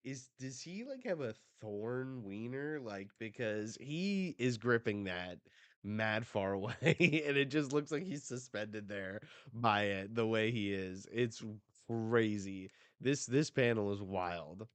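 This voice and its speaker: A man hosting a live manga reaction, excitable and full of casual slang and swearing. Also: lowish voice, slow, no room sound. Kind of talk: live reading and reaction commentary.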